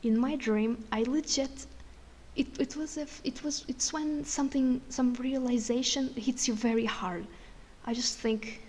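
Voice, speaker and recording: Excited woman retelling a dream. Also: high-pitched, measured pace. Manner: excited, tumbling retelling with quoted inner speech. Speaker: content creator. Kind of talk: casual storytelling of a dream. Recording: long reverb with faint music.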